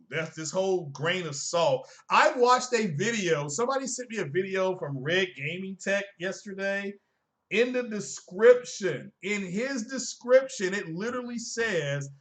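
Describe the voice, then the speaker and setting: Bright-voiced man in an emphatic gaming rant. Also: sits high. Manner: emphatic, rhetorical questions, chiding the audience. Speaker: tech and gaming streamer. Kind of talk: casual live-stream commentary.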